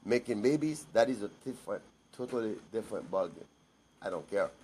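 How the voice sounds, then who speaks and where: A man's voice: on the low side, animated, brisk, darkish tone, breathy edge. A man giving a blunt, emphatic personal monologue to camera, repeating himself for stress.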